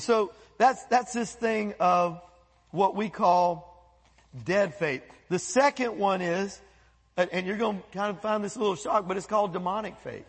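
A man preaching a sermon as pastor, animated, breaking into quoted voices and asides. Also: high-pitched, moderate pace, slightly rough, big-room sound. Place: church sanctuary.

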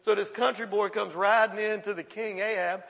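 A male pastor preaching a sermon in a folksy, animated storytelling way, in a church. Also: high-pitched, normal speed, vocal fry, in a large hall, muffled recording.

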